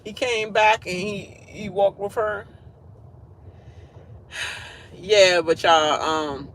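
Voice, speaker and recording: High-voiced man ranting a TV recap. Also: fairly even intonation, extremely slow, pauses often, fairly bright tone. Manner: blunt and profane, laughs often. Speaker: show recap host. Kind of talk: casual TV recap rant. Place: at work.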